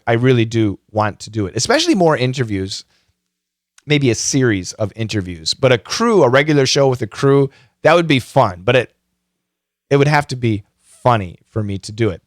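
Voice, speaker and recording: A man's voice: medium pitch, no room sound, studio quality. A middle-aged man hosting a podcast, giving a casual, chatty tutorial full of self-mocking jokes and frequent fillers. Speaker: podcast host.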